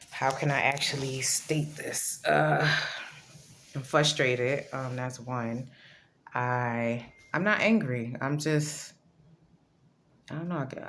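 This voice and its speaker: A woman's voice: a bass voice, a little hiss or hum. A woman hosting her own vlog, talking candidly and rambling into a phone camera she handles herself at home, with lots of ums and repeats. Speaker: vlogger, channel host. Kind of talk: casual to-camera vlog chat.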